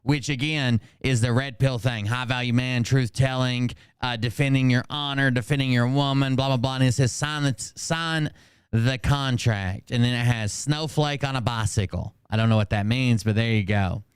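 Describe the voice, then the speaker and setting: A man talking through clips on a live stream, sarcastic and rambling, with frequent uh and um. His voice is smooth and resonant, recorded close and dry with no room sound. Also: medium pitch, steady tone, moderate pace, hardly any pauses, dry recording. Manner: reads quotes aloud, sarcastic asides, frequent fillers. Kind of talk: casual commentary.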